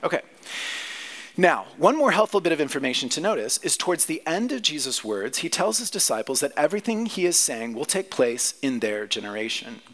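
A man's voice: a little high, big pitch swings, a little fast, a bit bright. A man preaching a sermon, teaching through a scripture passage in a conversational way and often asking the listeners questions. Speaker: pastor.

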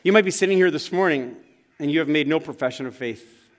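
A man's voice: on the high side, quick pace. A male pastor preaching in a church, telling stories in an earnest, conversational way. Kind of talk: sermon. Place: church sanctuary. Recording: long reverb of a large church hall.

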